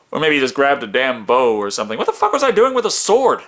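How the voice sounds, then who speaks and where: A man narrating a comedic movie review in a sarcastic, profane, animated way. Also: medium pitch, quick pace, hardly any pauses, soft background music.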